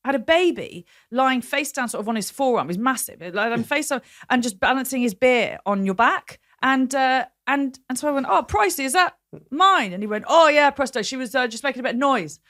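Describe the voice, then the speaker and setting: A young adult woman, a comedian guest on a podcast, telling stories in a lively chat and acting out the people she quotes. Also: high-pitched, brisk, few pauses. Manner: animated storyteller acting out quotes with laughter.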